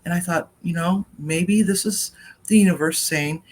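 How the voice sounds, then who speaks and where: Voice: mid-range voice, normal speed, a little hiss or hum. A cooking vlogger talks straight into a laptop webcam in a home kitchen. The story wanders off on tangents, loose and chatty. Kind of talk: casual personal update vlog.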